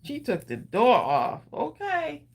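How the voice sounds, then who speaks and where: A woman's voice: high voice, wildly swooping pitch, takes it slowly, gravelly. A woman hosting a live crafting stream, chatting casually, laughing often and answering with short drawled reactions.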